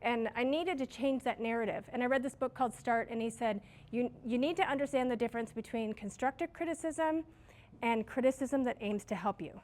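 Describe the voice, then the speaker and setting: A woman's voice: a little high, fairly quick, a little mellow. A middle-aged woman who manages a restaurant, giving her staff a casual, story-filled training talk on leadership. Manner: casual, chatty, self-deprecating with stories.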